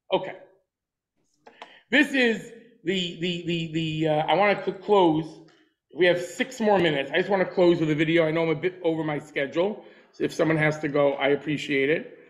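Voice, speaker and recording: High-voiced man giving an emphatic lecture. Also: poor audio. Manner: emphatic, repeats short punchy phrases. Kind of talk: lecture on a class.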